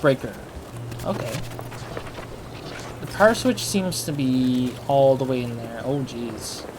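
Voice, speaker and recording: A man's voice: medium pitch, animated, takes it slowly, background noise. A man chatting casually as he plays a video game, thinking aloud. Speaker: let's player. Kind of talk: casual gaming commentary.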